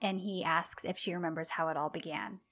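A woman with a fairly low, steady voice and a fairly bright tone talks fairly quickly as a podcast co-host. Chatting casually and animatedly, she recaps scenes from a TV show and acts out the characters' lines.

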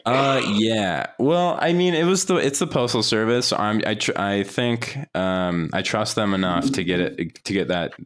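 A man's voice: a little slow, few pauses. A man co-hosting a podcast in casual chat, telling rambling anecdotes. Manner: rambling storyteller, jumps pitch when excited. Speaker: podcast co-host.

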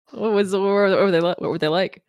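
A woman playing a halting, guarded adventurer. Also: mid-range voice, a little mellow, clean tone, no room sound. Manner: hesitant, halting, full of restarts.

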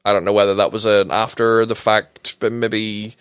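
A man giving a casual film review, halting and hesitant in delivery. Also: on the low side, little pitch movement, fairly bright tone, clean tone, dry recording, clean studio sound. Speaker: podcast co-host, film reviewer.

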